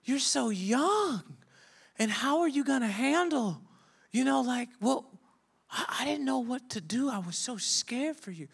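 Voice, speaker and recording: A man's voice: very high voice, lively intonation, measured pace, vocal fry, husky, pitched above the performer's own voice, heavily acted. A man voicing a worried old woman from a church congregation, fretful and pleading. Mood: anxious.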